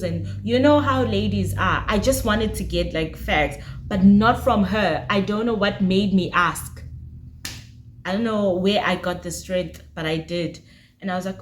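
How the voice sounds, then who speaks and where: A woman telling a casual storytime to her viewers, chatty and animated. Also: medium pitch, unhurried, a little hiss or hum. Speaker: vlogger. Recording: roomy echo.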